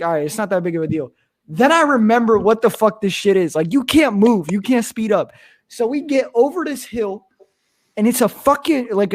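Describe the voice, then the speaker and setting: A young man from Pennsylvania, a streamer, telling a story in casual chat with lots of swearing and animated energy. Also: high voice.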